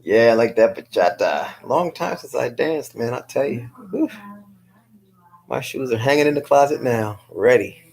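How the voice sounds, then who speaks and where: A woman's voice: very deep voice, animated, normal speed, gravelly, a little mellow, rough recording. A woman from New City, chatting casually as a guest on a live stream, laughing often and answering viewers by name. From New York City. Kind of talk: casual chat, reading viewer comments aloud.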